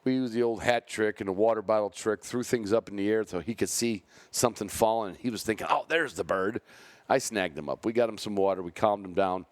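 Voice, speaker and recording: A man's voice: lowish voice, fast, few pauses, a little mellow, dry recording. A man hosting a podcast, chatting casually and rambling through a story about his hunting dog, often restarting his sentences. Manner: rambling, self-correcting, chatty. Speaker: podcast host and bird dog handler.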